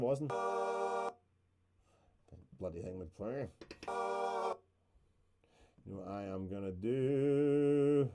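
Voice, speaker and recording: A man's voice: medium pitch, dark tone. A man, casually walking through a music production session on a live stream, chatty and rambling with the odd swear word.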